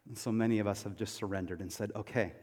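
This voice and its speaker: A male pastor delivering a sermon, emphatic, moving between loud declarations and hushed, quiet passages. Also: lowish voice, steady tone, racing. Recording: long hall reverb.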